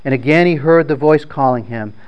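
Man retelling a story in a halting way. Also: on the high side, clear, resonant tone, muffled recording. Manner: halting, with frequent repeated words and restarts; conversational, plain-spoken.

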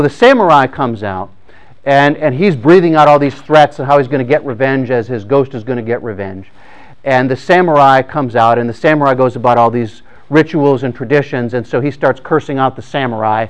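A man telling a story in a sermon, speaking conversationally with frequent restarts. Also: medium pitch.

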